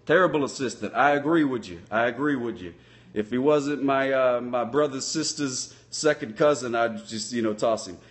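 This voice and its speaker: A man's voice: mid-range voice, moderate pace, natural voice. A man voicing a folksy male sock-puppet patrol cop who rambles with loose grammar while chatting with viewers on a comic live stream. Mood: chatty.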